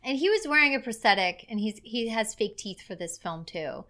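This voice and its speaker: A woman's voice: mid-range voice, lively intonation, brisk, pushed and bright. A woman co-hosting a movie review in a casual, chatty way, often breaking into laughter. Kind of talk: casual chat.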